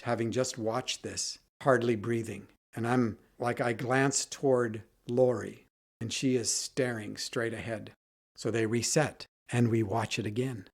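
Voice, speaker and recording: Man, podcast host, storytelling, medium pitch, acts out dialogue. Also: normal speed. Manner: retells scenes, quoting dialogue in lively voices. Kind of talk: personal storytelling.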